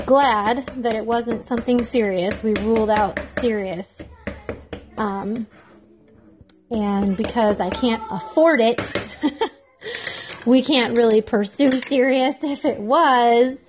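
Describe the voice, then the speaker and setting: A woman's voice: on the high side, animated, takes it slowly, long pauses, background noise. A woman in her thirties chatting casually to camera while baking, rambling and self-deprecating, laughing often. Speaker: vlogger.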